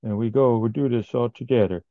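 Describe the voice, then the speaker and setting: A man's voice: mid-range voice, brisk, no echo, narrow, tinny audio, close to an everyday voice. A man voicing an upbeat male running teammate with a put-on Mexican accent, giving a clipped, rousing team talk. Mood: rallying.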